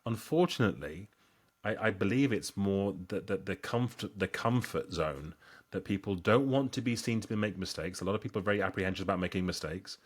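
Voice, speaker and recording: A man co-hosting a casual chat, speaking emphatically and getting animated as he makes his point. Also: low-pitched, a little fast. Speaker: co-host.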